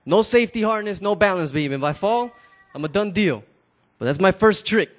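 A proud, famous male acrobat, as a storytelling man acts him out shouts his daring plans to the crowd below. He sounds loud and sure of himself, and his voice sits high for a man. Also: lively intonation, normal speed. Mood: boastful announcing. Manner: loud showman announcing to a crowd. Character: boastful famous adult male tightrope walker.

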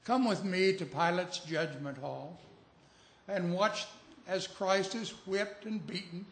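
A man's voice: high-pitched, takes it slowly. A man preaching a sermon, telling a story and building to emphatic, urgent appeals. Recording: echoey room.

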